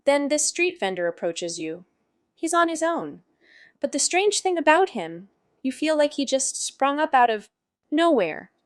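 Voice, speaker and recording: A woman's voice: sits high, big pitch swings, measured pace, no echo, clean studio sound. A woman voicing a brash, foul-mouthed male jester wizard who narrates in a sardonic, rambling way.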